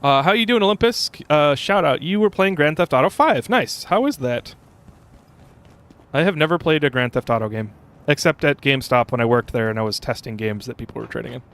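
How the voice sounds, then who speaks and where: A man's voice: a little high, lively intonation, fairly quick, a bit bright. A young adult man streaming a game, chatting casually with viewers and rambling with fillers and restarts. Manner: rambling, chatty, reads chat aloud, frequent fillers. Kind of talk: casual gameplay commentary.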